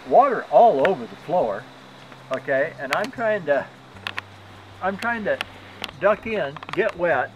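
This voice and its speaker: A man's voice: fairly high pitch, highs cut off, a little hiss or hum. An older man recovering in a hospital, sore and weak after surgery, telling a rambling, indignant story in a casual way. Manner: rambling and indignant, acts out quoted voices. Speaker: patient telling his story. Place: hospital room.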